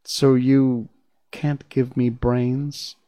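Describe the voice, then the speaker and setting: A man's voice: little pitch movement, extremely slow, dark tone, dry recording. A man voicing an earnest, eager scarecrow made of straw, pleading in a raised voice. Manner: eager, high-pitched pleading.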